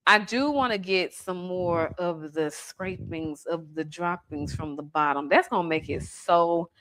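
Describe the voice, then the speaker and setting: Bright-voiced woman chatting while cooking. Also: lowish voice. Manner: chatty, playful, teasing the person filming. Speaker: home cook host. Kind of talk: casual cooking demonstration. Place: home kitchen by the stove.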